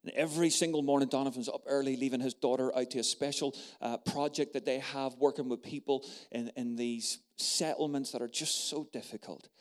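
A male preacher delivering a storytelling sermon. He talks to the congregation with punchy emphasis and sometimes drops to a hushed voice to draw listeners in. His voice sits at an everyday middle pitch. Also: a little fast, hardly any pauses. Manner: emphatic and animated, dropping to a hush in stories.

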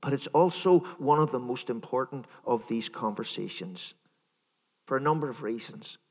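A minister giving a sermon in a conversational, storytelling manner, voicing imagined dialogue. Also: male voice, medium pitch, moderate pace, big-room sound.

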